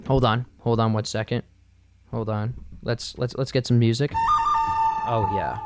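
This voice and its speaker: A man's voice: medium pitch, flat delivery, moderate pace, very noisy. A young man hosting his own podcast, telling loose, rambling stories with lots of fillers and the odd swear word. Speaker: podcast host. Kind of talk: casual solo podcast monologue.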